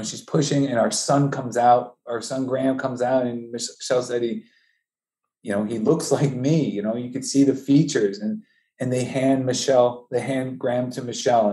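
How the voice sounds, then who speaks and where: Grieving man with a mellow voice. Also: medium pitch. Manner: halting, emotional, many restarts. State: voice breaking, high and strained with grief. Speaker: bereaved father telling his story. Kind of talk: personal storytelling interview.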